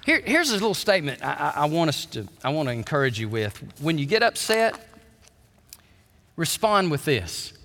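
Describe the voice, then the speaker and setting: Preaching at normal speed and very animated, a pastor fills a large church sanctuary with a bright, forceful voice and a long reverb. He sits a little high in pitch for a man and moves from soft, low asides up to loud, high bursts during the sermon.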